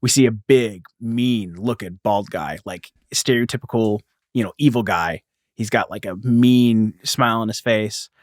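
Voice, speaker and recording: A man's voice: fairly low pitch, a little slow, no echo, clean studio sound. A man co-hosting a podcast, casually summarizing a comic book issue and laughing often as he retells scenes. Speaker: podcast co-host.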